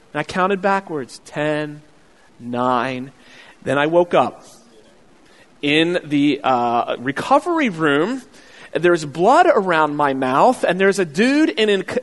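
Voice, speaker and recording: A man preaching a sermon as pastor, telling a childhood story with acted-out voices and loud excited bursts. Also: sits high, in a large hall. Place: church sanctuary.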